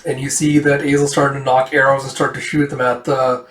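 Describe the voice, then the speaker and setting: A man's voice: mid-range voice, level tone, fairly quick, a bit bright, a little hiss or hum. A man casually reading through a comic, rambling with fillers and acting out the dialogue. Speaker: manga reader. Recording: echoey room, distant mic.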